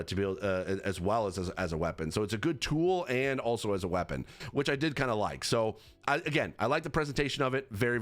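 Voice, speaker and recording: Man, low-pitched, casual game reviewer, halting and rambling delivery full of fillers. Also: a bit bright. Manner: rambling with many fillers and restarts. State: has the hiccups. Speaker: gaming accessibility reviewer.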